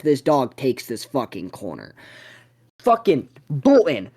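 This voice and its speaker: A young man hosting a podcast, telling a story in a profane, excitable way. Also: mid-range voice, slow pace, slightly rough. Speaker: podcast host.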